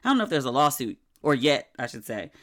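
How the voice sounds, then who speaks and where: A woman's voice: very deep voice, fast talker. Wry, candid woman podcasting solo. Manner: candid, wry and animated, with sudden quoted outbursts. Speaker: podcast host. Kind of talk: casual solo podcast chat.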